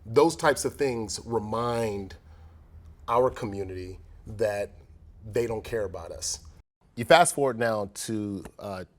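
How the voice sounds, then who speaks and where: Low-voiced man telling a candid personal story. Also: slow. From South Central Los Angeles. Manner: earnest, reflective storytelling with many restarts. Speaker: former pro athlete in conversation.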